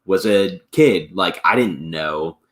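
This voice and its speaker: A young adult man, a podcast guest, chatting in a relaxed, laid-back way with lots of filler words. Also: deep voice, takes it slowly. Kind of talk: casual podcast chat.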